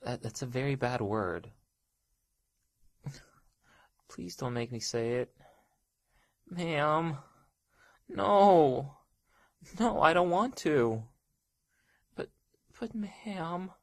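A woman's voice: deep voice, expressive, drawn-out words, pauses often, no room sound, studio quality. A young woman in a solo audio role-play, speaking in a hesitant, stammering, pleading way and often dropping to a whisper.

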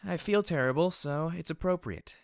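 A man's voice: on the high side, moderate pace, vocal fry, dry recording, studio quality, voice pushed up. A man voicing a tired, sarcastic young mare, raising his voice to play her. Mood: bitter. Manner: raised voice, wry and sarcastic.

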